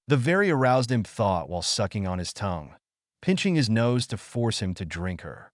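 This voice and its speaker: Brief: male narrator, animated pitch, close dry recording. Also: normal speed, dry recording. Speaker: fan fiction narrator. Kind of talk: story narration.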